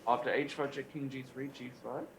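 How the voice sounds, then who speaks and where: A man's voice: medium pitch, fairly even intonation, a little fast, poor audio. A man co-hosting a chess show who works through candidate moves in a methodical way. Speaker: chess expert co-host. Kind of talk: casual chess analysis. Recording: faint background noise.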